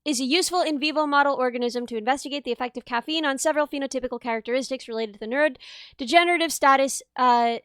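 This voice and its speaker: A high-pitched young woman talks casually on her live stream from her bedroom, laughing easily and answering chat as she goes. Her voice sits dry and close, with no room sound around it. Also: very fast, a bit bright, clear, resonant tone, no room sound. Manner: giggly, chatty, reads chat aloud. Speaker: livestreamer.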